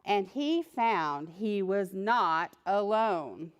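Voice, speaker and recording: A children's librarian reading a picture book aloud to preschoolers, animated and asking the children questions. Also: female voice, medium pitch, extremely slow, smooth, muffled recording.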